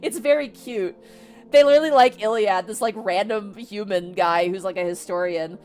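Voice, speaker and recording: A young woman streamer casually retelling a novel to her chat, talking quickly and excitedly, swearing freely and laughing mid-sentence. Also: mid-range voice, soft background music. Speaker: VTuber streamer.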